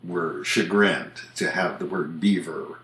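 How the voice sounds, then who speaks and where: A man's voice: low-pitched, slow pace, fairly bright tone. An older man, a podcast co-host and author, chatting casually and reading a passage aloud. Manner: chatty, reads entries aloud. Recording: roomy echo.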